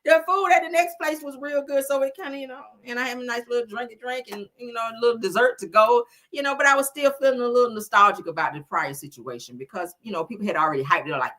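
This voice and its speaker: A middle-aged woman hosting a casual chat show, telling stories in an animated, profane way. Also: fairly high pitch, fast, few pauses. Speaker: host.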